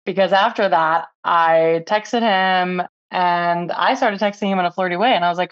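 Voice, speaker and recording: A woman with a lowish voice calls in to an advice show and tells her story in a chatty way, acting out what everyone said. The audio is dull and a bit muffled, and dry, with no room sound. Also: fairly even intonation, normal speed, few pauses, no echo. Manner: chatty, retells with quoted dialogue. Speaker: caller. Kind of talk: casual storytelling.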